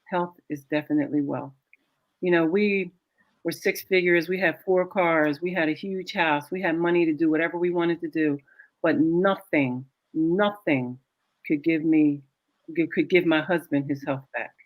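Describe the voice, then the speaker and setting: A woman's voice: low voice, normal speed, dry recording, muffled recording. Earnest woman guest sharing her story. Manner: earnest, reflective, repeats phrases. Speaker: guest, caregiver and author. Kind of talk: casual interview storytelling.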